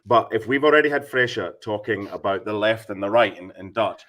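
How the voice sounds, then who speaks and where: A man's voice: lowish voice, steady tone, brisk, fairly bright tone. A man hosting a football panel, teasing his co-hosts and laughing often. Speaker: host. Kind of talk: lively panel banter.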